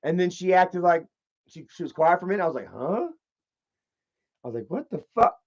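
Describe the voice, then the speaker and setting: High-voiced man ranting a story. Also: very fast, a little mellow, lo-fi sound. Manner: profane, rambling, repeats himself. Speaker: channel host. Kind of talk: casual storytelling rant.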